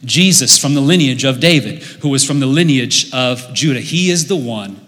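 Animated man preaching in a reverberant hall. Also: mid-range voice, normal speed. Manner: animated storytelling, sudden swings between loud and quiet. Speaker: pastor. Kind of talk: sermon. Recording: long reverb of a large hall.

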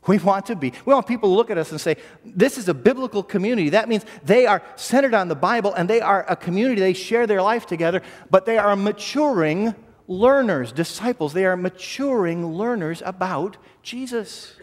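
Man, pastor, sermon, earnest, high-pitched, echoing church hall. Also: animated, fairly quick. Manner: earnest, repeats words when restarting.

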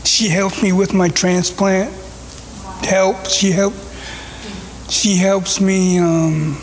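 A man giving thanks in a halting, hesitant way, repeating himself as he searches for words. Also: high voice, steady tone, slight background noise. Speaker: church member giving thanks. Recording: distant hall reverb with faint ambience.

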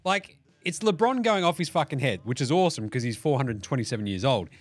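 A man's voice: medium pitch, animated, quick pace, slightly rough, no room sound. A man hosting a solo basketball podcast, sarcastic and profane as he riffs on the day's games. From Australia. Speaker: podcast host. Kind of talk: solo sports podcast rant.

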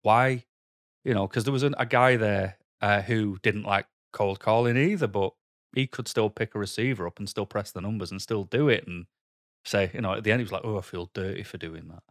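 Man vlogging, lowish voice, dry close sound; candid, halting, worked up. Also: no room sound. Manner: candid, halting, heavy with "you know" fillers; frustrated, heated. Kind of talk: personal storytelling to camera.

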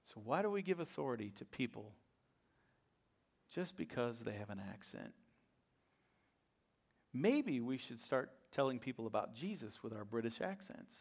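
A middle-aged man gives a sermon in an animated preaching voice. He talks at an even mid pitch, climbs into loud, pressing questions, then drops to soft asides. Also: moderate pace, creaky, pauses often. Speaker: pastor.

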